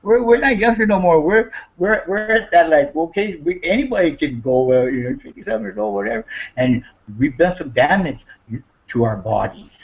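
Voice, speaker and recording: A man talks in casual, rambling chat, cursing freely and circling back over the same words. His voice sits slightly high for a man. The recording sounds dull and lo-fi. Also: animated, brisk, creaky. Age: 50s. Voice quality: profane, rambling, repeats himself.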